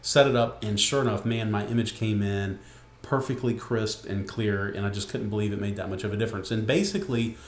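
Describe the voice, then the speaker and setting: A man's voice: on the low side, a little fast, echoey room, slight background noise. A man giving a casual, rambling tutorial from his home desk, with many fillers and restarts. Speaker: webcasting instructor. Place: home room with desk and window. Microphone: computer screen recording.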